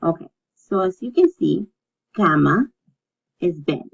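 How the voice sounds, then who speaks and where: A woman teaching a recorded language lesson, speaking slowly and patiently and repeating words so learners can practice. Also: lowish voice, big pitch swings, vocal fry, mellow, breathy edge. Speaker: Spanish teacher. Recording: dull lo-fi recording.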